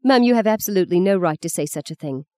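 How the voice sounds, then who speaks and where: A woman's voice: on the low side, animated, fast talker, warm tone, natural voice. Woman voicing a guarded, anxious young mother. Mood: defensive. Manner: defensive, strained.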